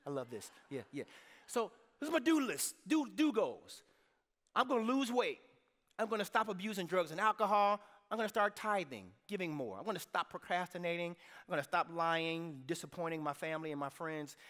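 A male pastor preaches with a bright, forceful edge and a conversational swing that climbs into shouts. His high voice rings through a church sanctuary. Long reverb trails each phrase. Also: very animated, a little fast. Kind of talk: sermon.

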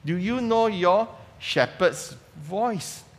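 Male pastor, chatty preaching with many questions to the room, slightly high voice, echoing sanctuary. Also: expressive, extremely slow, vocal fry. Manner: conversational preaching with fillers and rhetorical questions. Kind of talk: sermon. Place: church sanctuary. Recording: long reverb of a church hall.

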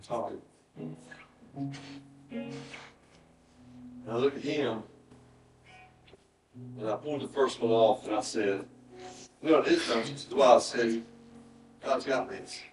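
Man, middle-aged pastor, earnest hushed storytelling, roomy distant church sound, faint guitar behind. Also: mid-range voice, slow pace, pauses often. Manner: earnest storytelling, often dropping to a hushed, emotional tone. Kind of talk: sermon with personal story and altar call. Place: church sanctuary.

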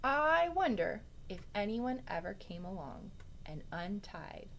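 Teacher, woman, reading a storybook aloud to kids: unhurried, very lively pitch, chatty asides. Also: vocal fry. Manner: expressive, with chatty asides to children.

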